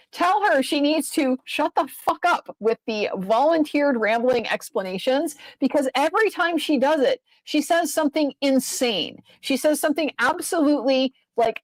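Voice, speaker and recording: A woman lawyer talks through a court case in casual commentary, exasperated and swearing freely as she rambles. Her voice sits a little high, and the recording is dry and close with no room sound. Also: dry recording, poor audio.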